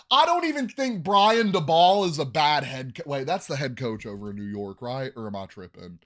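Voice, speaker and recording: A man hosting a casual sports podcast, ranting in bursts of loud hype and dropping to muttered asides, coughing when he yells. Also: medium pitch, moderate pace, few pauses. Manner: animated, swings between yelling hype and muttering asides. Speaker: podcast host.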